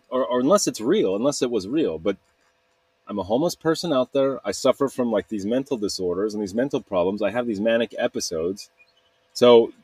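A man's voice: mid-range voice, a little mellow, husky, no room sound. A man talking to camera in a rambling, candid way, often laughing at himself. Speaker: video blogger. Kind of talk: casual confessional monologue.

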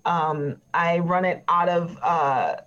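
A woman's voice: on the low side, slow, fairly bright tone, voice pushed down. A woman voicing a chatty, petty witness who rambles with many fillers and gets defensive. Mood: rambling. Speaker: player voicing a trial witness. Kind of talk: improvised tabletop role-play. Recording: dull lo-fi recording.

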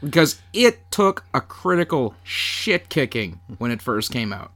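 Slow, bright-voiced deadpan man. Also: medium pitch. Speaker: podcast co-host. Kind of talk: casual podcast chat.

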